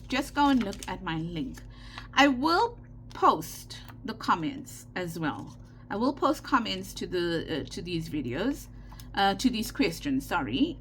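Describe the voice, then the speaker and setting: A woman's voice: medium pitch, a little hiss or hum. Chatty South African Indian woman. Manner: chatty, repeats herself, frequent "okay" check-ins. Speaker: craft channel host. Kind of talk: casual craft tutorial.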